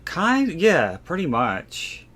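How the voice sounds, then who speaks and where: Slow and a bit bright, this podcast co-host's fairly high voice swings hugely in pitch. His casual chat rambles, packed with fillers and false starts.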